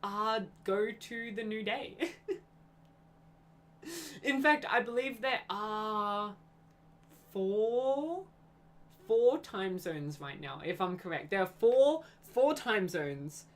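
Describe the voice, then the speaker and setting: A young woman talks casually to her stream viewers. Her voice rises and falls in lively swings at a middling pitch, and she giggles often and corrects herself mid-thought. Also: slow pace, pauses often. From Australia. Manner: scatterbrained, giggly, self-correcting. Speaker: live streamer. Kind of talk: casual rambling stream chat.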